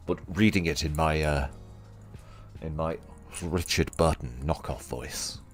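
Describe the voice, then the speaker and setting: A man with a Mancunian accent hosting a casual live-stream chat, jokey and quick to laugh. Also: very deep voice, fairly even intonation. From Manchester, England. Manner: jokey, chatty, laughs easily. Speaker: streamer host. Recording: faint music underneath.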